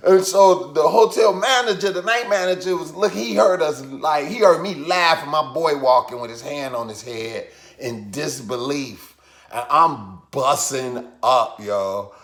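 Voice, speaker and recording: Animated male comedian telling a story. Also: unhurried, reverberant. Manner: animated, swings loud and high with laughter. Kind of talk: comic storytelling.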